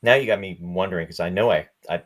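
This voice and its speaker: A man's voice: low voice, fast, a bit bright. A man co-hosting a casual film chat, mostly answering with short affirming replies. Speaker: podcast co-host.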